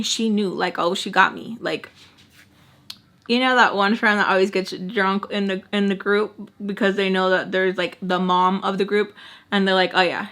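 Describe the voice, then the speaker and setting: Young woman, bright clear voice, casual storytime, animated, acts out quotes. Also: medium pitch. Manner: animated, acts out other people's lines. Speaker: storytime vlogger.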